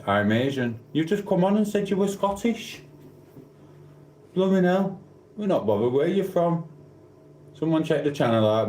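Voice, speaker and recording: A man's voice: lowish voice, darkish tone, reverberant, slight background noise. A man with a South Yorkshire accent hosting a casual live stream, playfully teasing viewers and reading their chat comments aloud. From Sheffield, England. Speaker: livestream host.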